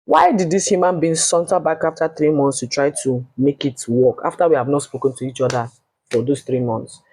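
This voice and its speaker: A woman with a Nigerian accent telling a personal story in a casual, blunt and animated way, swearing freely. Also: sits low, fairly quick, breathy edge, no room sound, rough recording.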